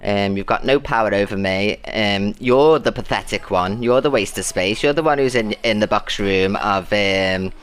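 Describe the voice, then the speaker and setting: A woman's voice: a bass voice, normal speed, hardly any pauses, clear, resonant tone. Chatty woman streamer calling viewers "loves". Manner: chatty, greets viewers and calls them loves and babes; defiant when talking about her abuser. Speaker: TikTok live streamer. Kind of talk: casual live-stream chat.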